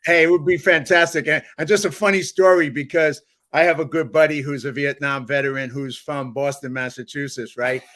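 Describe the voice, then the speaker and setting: Man, from New York, podcast host, bright tone, upbeat, anecdotal, casual chat. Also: on the high side, steady tone, a little fast. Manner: upbeat, laughs often, tells anecdotes. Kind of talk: casual conversation.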